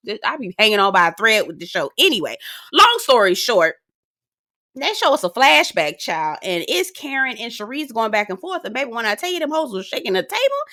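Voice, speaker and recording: A woman's voice: mid-range voice, pushed and bright. A woman, giving a sassy, slang-filled recap of a reality show with mock voices. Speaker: reality TV reviewer. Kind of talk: casual recap commentary.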